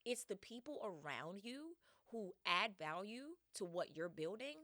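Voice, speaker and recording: Bright, lively woman storytelling podcast host. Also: mid-range voice, unhurried, no echo, clean studio sound. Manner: slangy, laughing, acts out voices in quotes. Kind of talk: animated casual storytelling.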